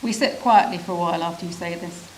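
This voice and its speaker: A woman reading a literary prose story aloud at a measured, reflective pace, with pauses between phrases. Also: fairly low pitch, a little hiss or hum, poor audio. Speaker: reader of a refugee's story.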